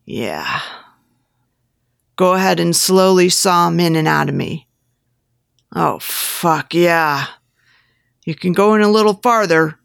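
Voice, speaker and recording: A woman's voice: fairly low pitch, unhurried, creaky, clear, resonant tone, no room sound, studio quality. A woman voicing a pushy, lecherous male photographer who coaxes and gives step-by-step instructions in an erotic audiobook. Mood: aroused. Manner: coaxing, giving step-by-step instructions.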